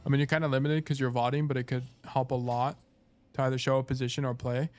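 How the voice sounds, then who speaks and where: A man streaming himself playing a game, thinking out loud in casual, rambling talk full of "like" and "you know". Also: mid-range voice, little pitch movement, fast talker, soft background music. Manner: rambling, thinking aloud, lots of "like".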